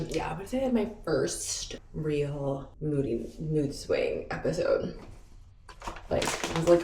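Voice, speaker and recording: A woman's voice: low voice, noisy background. A young woman vlogging from home, talking frankly in a rambling, chatty way with many fillers. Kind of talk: candid diary vlog. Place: at home, indoors. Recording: echoey room, mic at a distance.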